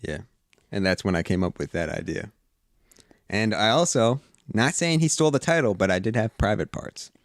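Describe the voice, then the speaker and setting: A man's voice: on the low side, animated, normal speed, dry recording, clean studio sound. Rambling young male podcast guest. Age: 20s. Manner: rambling, hesitant, many restarts. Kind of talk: casual podcast chat.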